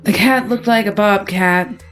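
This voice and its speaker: A woman playing a tabletop game, telling her part of the story in a halting way as she searches for words. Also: medium pitch, soft background music. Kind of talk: casual game chat.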